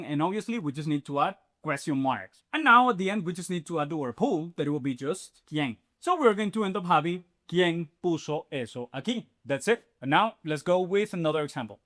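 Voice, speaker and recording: A man teaching a Spanish grammar lesson in an energetic, step-by-step way, often checking in with "okay?" and "right?". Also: sits high. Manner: explains step by step, addressing viewers as "you guys". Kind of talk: online language lesson.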